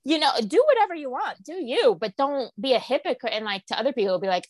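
Lively young woman gossiping, dry close mic. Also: quick pace, dry recording. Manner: animated, jumps high in pitch when quoting people. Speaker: podcast co-host. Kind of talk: casual chat about reality TV.

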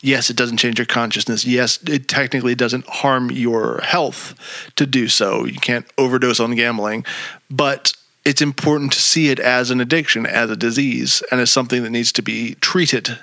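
A man's voice: mid-range voice, steady tone, moderate pace, pushed and bright, no room sound. A man co-hosting a podcast, joking and swearing casually as he recaps a sitcom episode. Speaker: podcast co-host. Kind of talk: casual chat.

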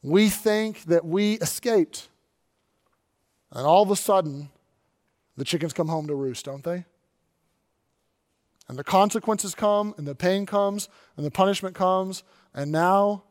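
A man, the pastor, preaching an animated sermon and acting out quoted voices along the way. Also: high-pitched, a little slow, pauses often.

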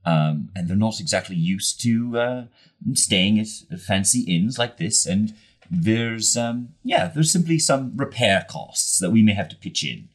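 A man playing a tabletop role-playing game, halting and full of hesitant fillers. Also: fairly low pitch, animated. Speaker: player.

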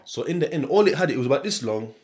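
A man's voice: medium pitch, lively intonation, racing, darkish tone. A young man from Sheffield with a Sheffield accent, hosting a podcast in a loose, rambling monologue, swearing freely and chuckling often. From Sheffield, England. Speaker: podcast host.

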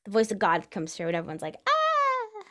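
Woman, casual podcast storyteller, animated, slips into character voices. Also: fairly low pitch, racing. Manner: animated, acts out quoted voices. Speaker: podcast co-host telling a story.

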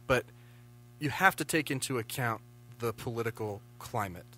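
Brief: male podcast co-host, bright voice, mid pitch, animated casual political talk. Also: normal speed, slight background noise. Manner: animated, opinionated, swears freely.

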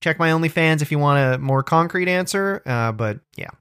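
A man's voice: a little high, moderate pace, clean tone, no room sound, studio quality. A man co-hosting a comedy podcast, teasing and boasting in casual banter. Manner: teasing, deadpan boasting, lively. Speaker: podcast co-host.

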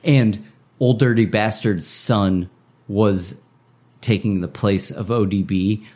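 A man co-hosting a podcast, telling a story in an animated, casual way. His voice sits somewhat low, and he keeps acting out the other people's lines. Filler words run all through his telling. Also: slow. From Indiana. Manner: animated, acts out quoted speech, many filler likes. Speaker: podcast co-host.

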